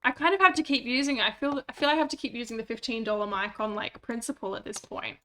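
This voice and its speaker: Streaming a game on a cheap desktop mic, a woman chats casually with rambling, self-deprecating asides as she comments on her play. Her voice is a little high, fast and sharp, with a faint hiss or hum underneath.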